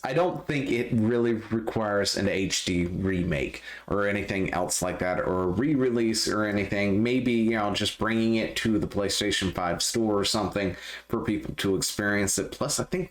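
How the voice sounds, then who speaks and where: Man in a casual gaming news vlog, fairly low voice, loose and rambling, often trailing off and correcting himself. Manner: rambling, full of fillers and self-corrections. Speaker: gaming news channel host.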